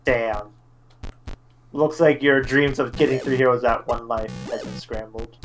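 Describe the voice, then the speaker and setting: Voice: medium pitch, steady tone, unhurried, over music. A guest on a gameplay stream call, chatting casually with wisecracks and swearing.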